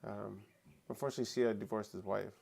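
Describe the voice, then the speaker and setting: A man's voice: lowish voice, fairly even intonation, quick pace, vocal fry, crowd noise. A rambling, chatty male stream host. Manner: chatty, rambling, with many fillers and restarts. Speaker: co-host of a live talk stream. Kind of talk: casual chat.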